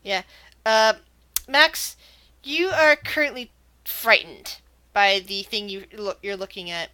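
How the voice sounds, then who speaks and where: A woman's voice: medium pitch, slow pace, bright, forceful tone, clear, resonant tone, no room sound. A woman running a tabletop game as game master, narrating scenes and often restarting her sentences.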